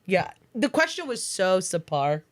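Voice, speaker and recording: A woman's voice: mid-range voice, unhurried. A young woman co-hosting a podcast in casual chat, telling stories with lots of swearing and acted-out quotes. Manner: animated storyteller, swears freely, acts out quotes. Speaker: podcast co-host.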